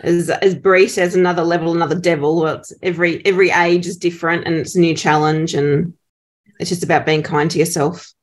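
A woman guest on a podcast talks earnestly, stopping and restarting her sentences. Her voice sits a little low. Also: fairly even intonation, a little fast. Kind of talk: casual chat.

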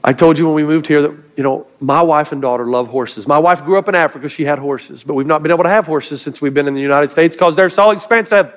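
A man's voice: on the high side, fast, hardly any pauses. A middle-aged male pastor preaching a sermon to a live congregation, telling stories earnestly with light humor. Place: church before a live congregation.

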